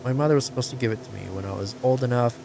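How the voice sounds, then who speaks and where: A man voicing a creepy masked boy who plays violin, reading game dialogue in a slow, childlike, unsettling voice over noisy game audio. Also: medium pitch, vocal fry, natural voice. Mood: eerie, childish.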